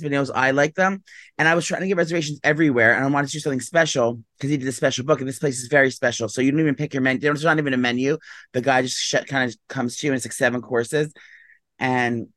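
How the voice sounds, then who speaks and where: A man's voice: medium pitch, quick pace, fairly bright tone, no room sound. A man co-hosting a casual chat podcast, rambling with lots of fillers and sounding just woken up. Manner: rambling, full of "like" and "um", sleepy and yawning. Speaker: podcast co-host.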